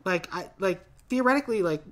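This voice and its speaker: A woman's voice: medium pitch, expressive, fairly quick. A woman co-hosting a casual podcast, rambling and playful, with lots of "like" fillers. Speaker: podcast co-host.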